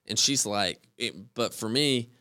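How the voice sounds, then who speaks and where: A man speaks as a podcast guest, earnest and a bit halting, often stopping and starting his sentences again. His voice is fairly low. The sound is close-miked and dry. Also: bright, forceful tone, no echo. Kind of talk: casual conversation.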